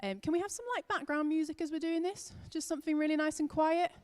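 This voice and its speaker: A woman's voice: sits high, fairly even intonation, fast talker, no echo. A young woman hosting a children's church session online, chatty and upbeat with a slightly scattered delivery.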